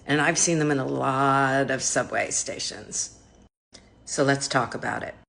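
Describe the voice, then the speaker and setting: Low-voiced skeptical woman commentator. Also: a little slow, creaky, a bit bright. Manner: skeptical, conversational. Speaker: marketing expert commentator. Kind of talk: casual commentary to camera.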